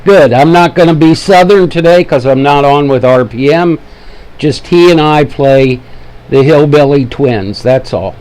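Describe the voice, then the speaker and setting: His pitch is fairly high and his delivery a little slow and somewhat mellow. An Ohio-accented man runs a laid-back live trading webinar, joking around with his audience as he sets up and tweaks his desk mic's levels.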